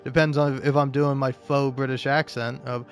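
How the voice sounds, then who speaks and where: A man's voice: mid-range voice, little pitch movement, moderate pace, faint music behind. A drunk man rambling profanely in casual gaming commentary, full of restarts and fillers. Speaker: gaming YouTuber.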